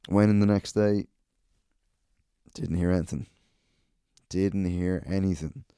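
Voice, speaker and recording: A low, mellow-voiced Irish man in his thirties hosts a solo podcast. He tells stories in a rambling, sardonic way, swearing freely and circling back on himself. The sound is dry and close to the mic. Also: steady tone, takes it slowly, smooth, dry recording. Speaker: podcast host.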